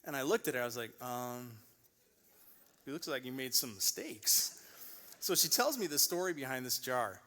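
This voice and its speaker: A man in his forties preaching a sermon as pastor, telling stories with lively acted-out voices and loud bursts. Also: mid-range voice, normal speed. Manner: animated storytelling, acting out voices in loud bursts. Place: large church auditorium. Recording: long hall reverb.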